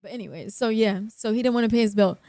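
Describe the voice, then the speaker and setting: A young woman, telling a story on a live stream in a casual, animated, profane way and acting out other people's lines. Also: medium pitch, fast, dry recording.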